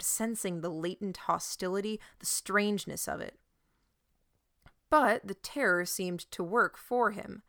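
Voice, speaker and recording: A woman reading a first-person story aloud in a steady, even narrating manner. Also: medium pitch, dry recording, studio quality. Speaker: audiobook narrator.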